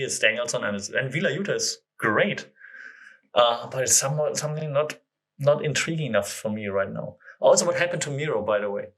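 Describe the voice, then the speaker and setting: Podcast host: a man with a bright, forceful voice at a middle pitch, talking casually and rambling as he thinks aloud. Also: vocal fry. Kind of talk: casual solo podcast chat.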